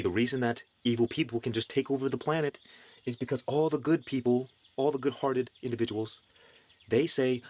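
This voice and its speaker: A man's voice: lowish voice, darkish tone. A man giving a motivational spiritual talk, preachy and earnest, with wry asides.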